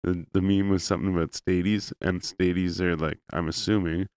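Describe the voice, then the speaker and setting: Smooth-voiced man, rambling chat. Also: low voice, little pitch movement, a little fast, a little mellow, no echo, clean studio sound. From Canada. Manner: rambling storyteller, heavy use of "like". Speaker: podcast co-host. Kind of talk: casual chat.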